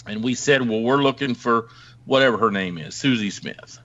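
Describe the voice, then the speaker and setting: A man's voice: mid-range voice, normal speed, dull audio. Rambling crude storyteller man from the Ozarks. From Ozarks, United States. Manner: rambling, crude, animated, acts out voices. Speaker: podcast storyteller, former police officer. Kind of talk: casual storytelling chat.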